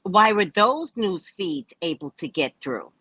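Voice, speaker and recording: Animated woman chatting on a livestream. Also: fairly low pitch, a little slow, husky, dry recording. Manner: animated, theatrical, acts out quotes. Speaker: psychic livestream host. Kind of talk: casual livestream chat.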